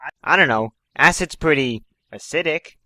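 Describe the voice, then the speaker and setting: A man chiming in quietly and offhandedly from off to the side. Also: a little high, animated, moderate pace, dry recording. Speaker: friend chiming in.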